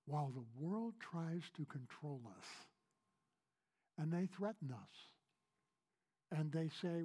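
A man preaching a sermon as pastor, earnest and repetitive, swinging between raised emphasis and soft, hushed lines. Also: a little high, expressive, slow pace, pauses often, breathy edge.

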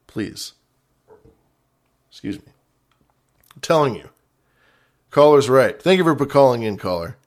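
A man hosting a casual call-in show, playful and mock-dramatic, repeating lines for effect. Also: mid-range voice. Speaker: radio show host.

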